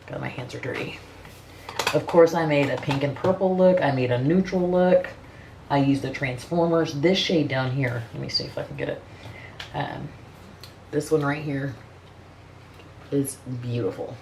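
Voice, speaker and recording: A woman's voice: a bass voice, normal speed, vocal fry, long pauses, darkish tone, slight background noise. A middle-aged woman chatting casually as a beauty vlogger, blunt and profane, rambling with frequent restarts. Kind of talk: casual makeup review chat.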